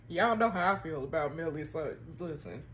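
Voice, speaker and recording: A woman hosting a text-message game, reading the chats aloud and reacting with sassy, animated commentary. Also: low-pitched. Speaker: gaming channel host.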